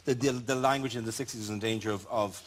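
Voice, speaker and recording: A middle-aged Irish man, a comedian guesting on a chat show, telling stories in a quick, wry, joking way. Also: medium pitch, fairly even intonation. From Ireland. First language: Irish speaker, bilingual. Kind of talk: chat show anecdote and banter. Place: TV studio before live audience. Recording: loud studio audience and noise.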